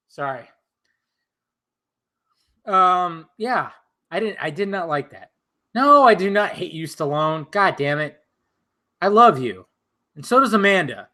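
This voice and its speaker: A man's voice: high voice, lively intonation, measured pace, pauses often, sharp tone. A man hosting a casual drinking stream, rambling, swearing and laughing while he has the hiccups. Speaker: channel host.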